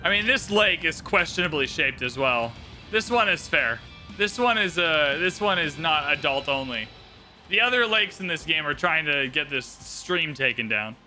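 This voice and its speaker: A man's voice: a little high, animated, moderate pace, sharp tone. A man giving casual, joking commentary on a game during a livestream, chatting with playful asides. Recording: game music behind.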